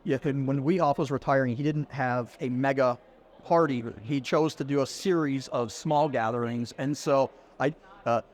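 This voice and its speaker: Here the middle-aged podcast guest has a mid-range voice and a moderate pace. Speaking at a conference venue, he relays a casual anecdote with liveliness, acting out the dialogue he quotes.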